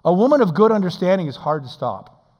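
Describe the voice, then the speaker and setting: A male pastor preaches with a fairly high voice that rings through a long hall reverb. He swings from shouting down to hushed, close tones and acts out quotes with playful voices. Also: big pitch swings, brisk, muffled recording. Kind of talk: sermon.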